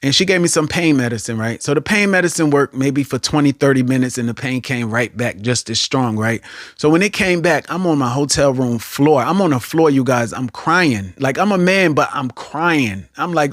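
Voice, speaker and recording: A man preaching an online sermon, animated, repeating phrases for emphasis and often checking in with "right?". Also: on the high side, normal speed, no echo, clean studio sound.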